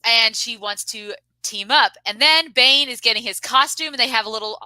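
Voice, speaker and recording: Bright, lively woman recapping a movie. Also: a little high, moderate pace, no room sound, low-quality recording. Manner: animated retelling, often acting out quoted lines. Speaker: co-host. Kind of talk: casual movie recap chat.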